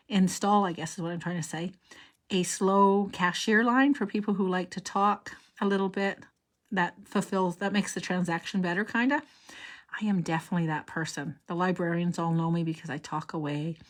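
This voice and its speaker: An older woman hosting a card-making tutorial, talking in a rambling, chatty way and drifting into personal stories as she works. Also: fairly low pitch. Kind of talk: chatty crafting demonstration.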